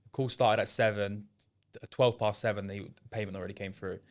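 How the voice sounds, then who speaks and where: A man's voice: on the low side, fairly even intonation, brisk. A young man from England, a former apprentice, answering interview questions casually and hesitantly, often trailing off and restarting. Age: young adult. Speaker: interview guest, sales setter.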